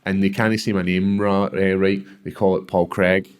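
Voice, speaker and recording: A Scottish man, a guest on a podcast, telling stories in a casual, animated way, acting out other people's voices and swearing freely. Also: deep voice, normal speed, clean tone. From Scotland. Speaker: guest, professional fighter. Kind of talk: casual storytelling in a podcast interview.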